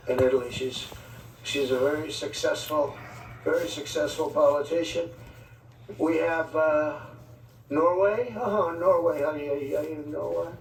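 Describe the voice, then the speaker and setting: Politician type: man, rambling and ad-libbing with jokey asides, gravelly and a bit high-pitched, recorded from a distance. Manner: rambling, ad-libbed, joking asides. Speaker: politician addressing foreign leaders. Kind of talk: off-the-cuff speech. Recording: echoey, distant mic, faint background noise.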